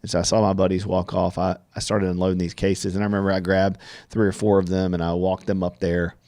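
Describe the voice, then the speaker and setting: A man's voice: sits low, flat delivery, fast, a little mellow, no echo. A man tells a personal story in an earnest, reflective way, often restarting his words. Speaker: podcast guest telling his story.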